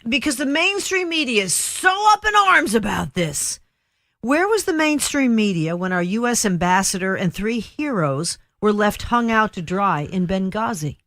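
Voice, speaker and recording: A woman's voice: medium pitch, very animated, moderate pace, fairly bright tone, dry recording, clean studio sound. A woman hosting a political talk radio show, chatty and emphatic, rambling between points. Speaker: radio host.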